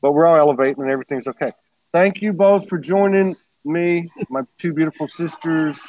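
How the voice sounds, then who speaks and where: A man's voice: fairly high pitch, a little fast, darkish tone, poor audio. Rambling, laughing male host. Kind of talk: casual livestream chat.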